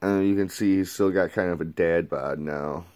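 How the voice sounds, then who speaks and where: A man's voice: low voice, normal speed, a little mellow. A man reviewing a movie in a casual, crude play-by-play recap. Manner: loose, crude, retells scenes in a play-by-play.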